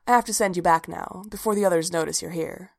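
In a storybook reading, a woman voices a composed, gently mysterious female leader, speaking calmly, measuredly, and with quiet firmness. Her own voice is lowish and creaky.

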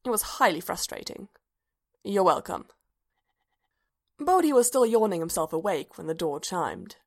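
A woman narrating a story aloud in a calm, even voice. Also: on the low side, brisk. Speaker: story reader. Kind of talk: scripted narration.

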